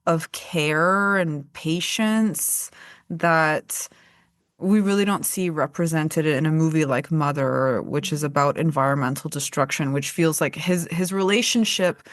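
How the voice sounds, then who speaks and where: Earnest lower-voiced woman podcast host. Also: measured pace, dry recording, clean studio sound. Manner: earnest, reflective, asks open questions. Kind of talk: conversational podcast discussion.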